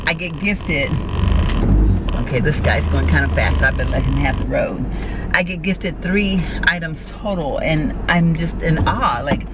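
A woman's voice: low-pitched, unhurried. A woman, talking casually and effusively to her viewers as she unboxes gifts, full of exclamations and heartfelt thanks. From Texas. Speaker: vlogger. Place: parked car. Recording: car with road noise.

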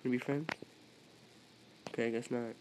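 A man at a middle pitch giving gameplay commentary, swinging between yelps and mutters as he talks to the other players. His voice sits over a faint hiss of background noise. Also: steady tone, normal speed. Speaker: gaming video creator.

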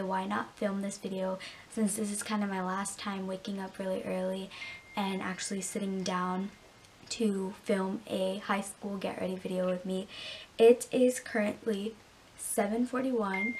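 A woman's voice: medium pitch, little pitch movement, moderate pace, darkish tone, slight background noise. A teenage girl vlogger in a casual makeup tutorial, chatty and rambling with lots of fillers, still in her morning voice. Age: teens. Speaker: beauty vlogger.

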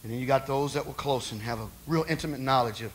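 A man's voice: medium pitch, fast. A male preacher giving a conversational sermon, asking rhetorical questions of the congregation.

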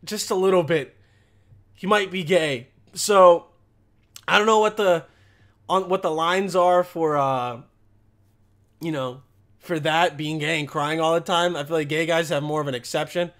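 With a fairly high, slightly bright voice, this man speaks at a measured pace and leaves long pauses. He's a commentary vlogger giving sarcastic, profane reactions, repeatedly tacking "okay?" and "all right?" onto what he says.

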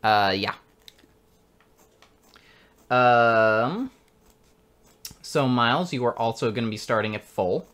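A man narrating as game master of a tabletop game, unhurried and often laughing. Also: medium pitch, lively intonation, fairly bright tone, slight background noise.

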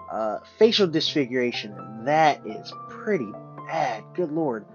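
A man's voice: mid-range voice, animated, moderate pace, hardly any pauses. A man doing let's play commentary, reading game text aloud and musing with fillers. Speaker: gamer. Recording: dull lo-fi audio with game music.

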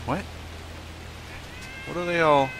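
A man's voice: a little high, steady tone, slow pace, creaky, fairly bright tone, soft background music. A young man narrating his gameplay, talking tenderly and emotionally to the animals on screen. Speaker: gaming video host. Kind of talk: let's play commentary.

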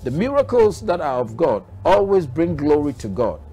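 A man's voice: on the high side, very animated, moderate pace, dark tone. A man from Ghana, a bishop answering interview questions in a preaching manner, driving his points home with repeated rhetorical questions.

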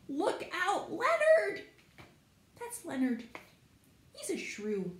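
A woman reading to children at a library storytime, talking in an excited, sing-song way to the kids and a puppet. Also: lowish voice. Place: public library. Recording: echoey room.

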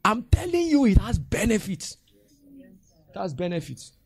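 In Nigerian English, a male pastor delivers an animated sermon, laughing as he acts out the voices of church members. His voice is high-pitched and husky with vocal fry, and he speaks at normal speed.

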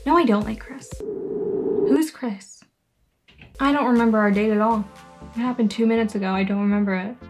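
A woman's voice: on the high side, steady tone, over music. A young woman reading a story game aloud and joking sarcastically as she plays. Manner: sarcastic, playful, reads characters in quick voices. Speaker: gaming YouTuber.

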